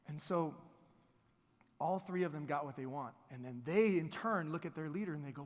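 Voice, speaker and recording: High-voiced man in a reverberant hall. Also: fairly quick. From Texas. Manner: energetic, playful storyteller with audience asides. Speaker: keynote speaker. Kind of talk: motivational keynote storytelling. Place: large event hall. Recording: long reverb of a large hall.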